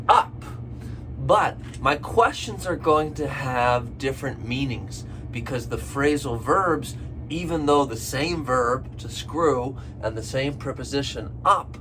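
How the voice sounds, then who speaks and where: A man teaching English phrasal verbs, repeating each example slowly and clearly for learners. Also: mid-range voice, background noise. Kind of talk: slow, deliberate lesson delivery.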